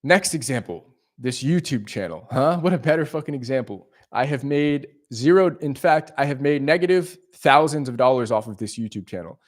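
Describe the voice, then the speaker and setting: A man's voice: medium pitch, lively intonation, normal speed. A man talking on a live stream, emphatic and full of swearing, with many repeats and restarts as he makes his point. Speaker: leasing agent and live streamer. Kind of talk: casual live stream monologue.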